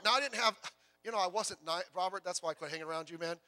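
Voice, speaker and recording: A man preaching a sermon as pastor, in a lively, conversational way with jokes and quick self-repeats. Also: high-pitched.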